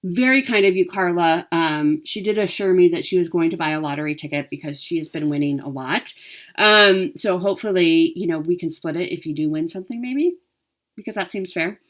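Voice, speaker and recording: A woman with a fairly low voice speaks fairly quickly in a casual vlog about her cross-stitch haul and giveaways. She's upbeat and chatty, with plenty of ums and self-corrections.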